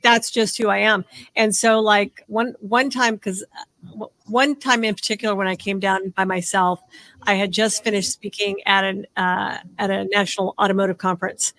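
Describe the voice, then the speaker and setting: A woman in her sixties hosting a podcast, talking fast and rambling with lots of "like" fillers. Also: mid-range voice, fairly bright tone. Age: 60s. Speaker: podcast host. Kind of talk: casual podcast chat.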